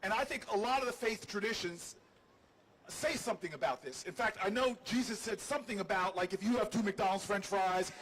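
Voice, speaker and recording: A man's voice: high-pitched, fairly quick, a little hiss or hum, rough recording. A man, a politician hosting a livestream, tells a humorous, self-deprecating story to a crowd outdoors. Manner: animated, jokey, self-deprecating. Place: outdoors on building steps.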